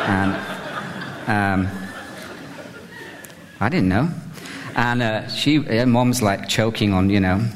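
Chatty British preacher, lots of ums. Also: male voice, fairly low pitch, takes it slowly, pauses often, in a large hall, noisy background. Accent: British English. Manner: chatty, self-mocking, many fillers, building to fervent emphasis. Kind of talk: humorous sermon.

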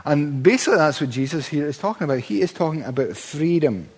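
Male preacher, higher-pitched voice, emphatic delivery that climbs to fervent peaks, church with long reverb. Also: lively intonation, quick pace, slightly rough. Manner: emphatic, rising to fervent peaks with stammered restarts. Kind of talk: sermon.

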